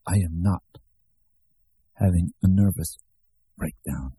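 A man's voice: low-pitched, steady tone, normal speed, mellow, breathy edge, dry recording, faint music behind, pitched below the performer's own voice. A man voicing a shaken, brooding male writer. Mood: whispered.

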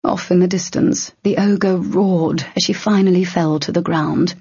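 A woman narrating an adventure story in steady storytelling. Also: fairly low pitch, unhurried, breathy edge, no room sound. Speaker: audiobook narrator. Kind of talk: scripted narration. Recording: dull lo-fi audio.

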